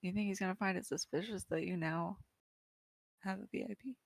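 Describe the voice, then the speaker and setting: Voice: medium pitch, fairly even intonation, fairly quick, creaky, no room sound, studio quality. A player in a tabletop role-playing game who laughs often while talking. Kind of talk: casual tabletop game play.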